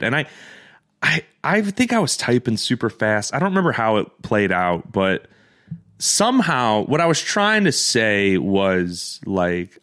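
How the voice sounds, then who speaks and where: A young man co-hosting a podcast, telling stories in a casual, swearing, animated way and laughing often. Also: lowish voice. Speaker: podcast co-host. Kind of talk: casual storytelling chat.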